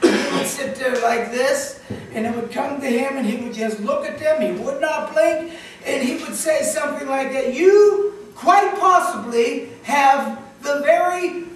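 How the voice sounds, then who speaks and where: A pastor giving a sermon, swinging from loud emphatic bursts to hushed asides. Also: male voice, very high-pitched, fairly even intonation, moderate pace. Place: chapel. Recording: very echoey chapel, mic far off.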